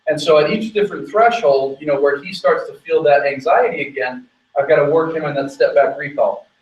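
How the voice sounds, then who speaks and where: A man's voice: on the high side, reverberant, muffled recording. Distant-miked man coaching a dog. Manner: explains while giving quick commands to a dog. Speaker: dog trainer. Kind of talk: on-location training demonstration.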